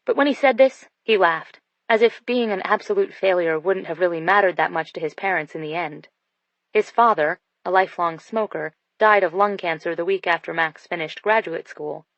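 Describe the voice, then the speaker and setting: A woman with a fairly low voice narrates a first-person romance audiobook, telling it in an intimate way. The recording is dull and dry, made in a studio with no echo.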